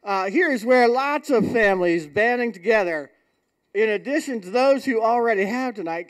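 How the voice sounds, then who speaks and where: Man, very high voice, playful fundraiser host with country banter. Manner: joking, playful hillbilly shtick. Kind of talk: folksy live fundraiser emcee. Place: event hall with audience.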